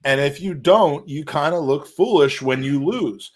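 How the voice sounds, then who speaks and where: A man's voice: on the high side, expressive, unhurried. A man co-hosting a casual football chat, rambling and thinking aloud with restarts.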